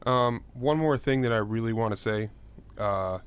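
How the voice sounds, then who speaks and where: A young man co-hosting a casual true-crime podcast, talking loosely with lots of fillers and jumping into mocking high voices. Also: normal speed, smooth. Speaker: podcast co-host.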